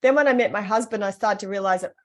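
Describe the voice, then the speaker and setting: A woman, co-hosting a podcast and telling a personal story in a casual, animated way. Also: mid-range voice, fast talker. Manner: animated, acts out the voices of people in her stories. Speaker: podcast co-host.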